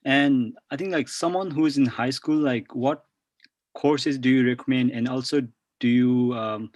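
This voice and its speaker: A man's voice: mid-range voice, a little slow, a little mellow, no room sound. A man moderating an online Q&A, relaying questions hesitantly with many fillers. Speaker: student moderator asking questions. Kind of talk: casual Q&A moderation. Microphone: video call.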